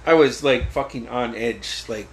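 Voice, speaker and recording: A man's voice: medium pitch, a little slow, slight background noise. A man guest on a podcast, telling stories casually, swearing freely and laughing often. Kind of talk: casual storytelling.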